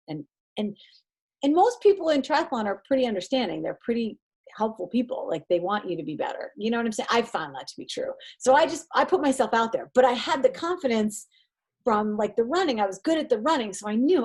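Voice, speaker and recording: Woman guest in her thirties, lively, husky tone, acts out quotes with her voice jumping up. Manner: animated, acts out quoted exchanges in a higher voice. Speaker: podcast guest, triathlete and mindset coach. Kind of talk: casual interview talk.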